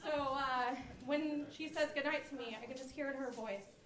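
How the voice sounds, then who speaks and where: A woman's voice: high-pitched, moderate pace. A young woman performing a stand-up comedy set, telling self-deprecating stories with many fillers. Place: comedy club stage. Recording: roomy club sound with audience laughter.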